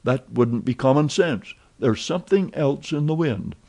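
Man doing a lively young French manservant, raised excitable voice, warm mellow tone, chatty, storybook reading. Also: medium pitch, a little slow, pitched above the performer's own voice. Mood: excited chatter. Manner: eager, voluble, exclamatory.

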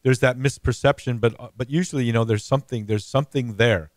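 A man's voice: medium pitch, steady tone, fast, dry recording, clean studio sound. A man hosting an interview podcast, reflecting conversationally and asking his guest questions. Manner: reflective, conversational, gives brief affirmations. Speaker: podcast host.

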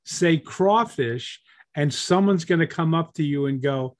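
A man's voice: on the high side, normal speed. A man from Louisiana with a Louisiana accent, co-hosting a writing event in enthusiastic, playful casual chat over a video call. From Louisiana, United States.

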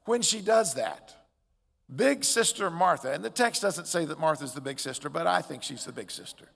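A man preaching a sermon as pastor, expressive, with loud emphatic peaks and quiet drops. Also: a little high, moderate pace, creaky. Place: church sanctuary. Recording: long church hall reverb.

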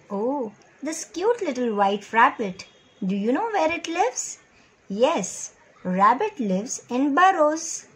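A woman, teaching a recorded lesson to preschool children in a slow, sing-song way and asking them questions. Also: on the high side, breathy edge.

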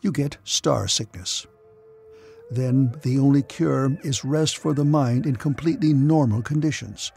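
Brief: composed male alien doctor, grave and patient, rough-textured; a man reads him. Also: medium pitch, measured pace, soft background music. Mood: calm. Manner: calm, sober, thoughtful. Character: calm, sober male alien psychotherapist.

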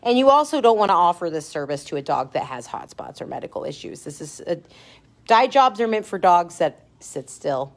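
Working in a grooming salon, a woman demonstrates dog dye techniques on a live stream, speaking briskly in a lowish voice with big swings in pitch. She's chatty and self-mocking, laughing frequently.

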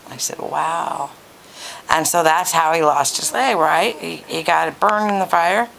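A woman telling a long joke as a folksy, drawn-out story. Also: sits low, steady tone, gravelly, fairly bright tone, a little hiss or hum, low-quality recording. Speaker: joke teller.

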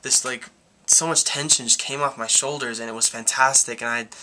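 Young man, about 19, YouTuber, casual vlog storyteller; very bright, cutting tone, flat delivery, rambling with restarts. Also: mid-range voice, fairly quick, a little hiss or hum.

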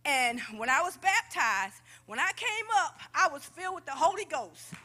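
A breathless woman gives her testimony in a church. Her voice is high and bright, and it leaps up and down as she gushes with excitement. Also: normal speed, few pauses, a little hiss or hum. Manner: excited, gushing. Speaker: church member giving testimony. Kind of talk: spoken testimony. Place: church sanctuary.

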